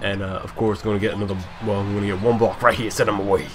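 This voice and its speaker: A young man with a mixed British-African accent talks over his basketball gameplay in loose, rambling bursts. His voice sits a little low, and he drifts from topic to topic with easy self-deprecating chatter. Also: level tone, rapid-fire, a little hiss or hum. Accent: hybrid British-African. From Scotland. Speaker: gaming YouTuber. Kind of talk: casual gameplay commentary.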